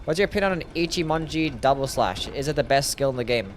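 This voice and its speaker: A man's voice: medium pitch, expressive, fast, a little hiss or hum. Rambling man streaming a game. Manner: rambling, many "like" fillers, reading and answering chat. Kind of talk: casual live-stream chat while gaming. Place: home desk.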